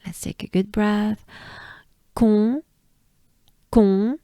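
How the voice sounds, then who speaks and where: A woman from France with a French accent, patiently teaching pronunciation and repeating each sound slowly. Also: mid-range voice, fairly even intonation, warm tone, no room sound, studio quality. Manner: patient, drills words by repeating them. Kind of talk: slow pronunciation lesson.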